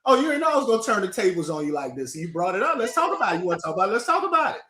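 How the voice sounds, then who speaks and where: A man running for city council talks in an interview by video call. He sounds playful and hypes things up, often repeating himself. His voice sits a bit higher than usual for a man and carries a roomy echo. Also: very animated, very fast, sharp tone. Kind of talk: casual interview chat.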